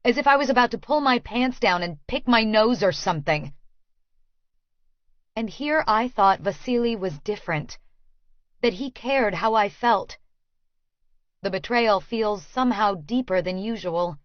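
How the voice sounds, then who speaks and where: A woman's voice: medium pitch, expressive, unhurried, pauses often, no echo, lo-fi sound. Woman reading a first-person audiobook. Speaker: audiobook narrator.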